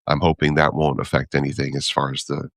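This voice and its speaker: A man's voice: very deep voice, completely flat delivery, a little fast, fairly bright tone, dry recording, studio quality. A man co-hosting a podcast, talking easily, thinking aloud and laughing often. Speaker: podcast co-host. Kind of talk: casual chat about comic strips.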